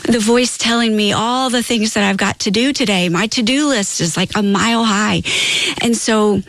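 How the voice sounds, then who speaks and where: A woman's voice: mid-range voice, normal speed, fairly bright tone, dry recording. A middle-aged woman, a guest author, talking earnestly and telling stories about her faith on a talk show. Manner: earnest storytelling, quotes her own prayers. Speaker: guest author of Bible studies.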